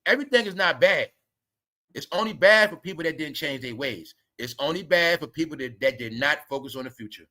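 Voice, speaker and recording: A man's voice: high voice, bright, forceful tone. A man ranting to his viewers in a blunt, preachy commentary monologue, swearing freely and repeating himself. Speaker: commentary vlogger.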